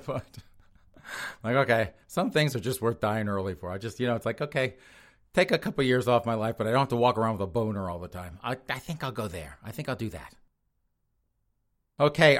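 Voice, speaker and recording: A man's voice: medium pitch, fairly bright tone. A man hosting a podcast, riffing on news stories in a crass, mocking, rambling way. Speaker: podcast host. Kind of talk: casual comedic news commentary.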